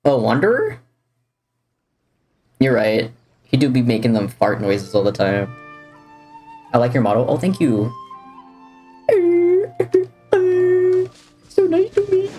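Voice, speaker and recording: Streaming a game live, a man with a warm, mid-range voice and huge pitch swings chats casually with viewers, reading their messages and cracking jokes about the gameplay. He takes it slowly and pauses often, shifting between addressing chat and the game as faint game music plays.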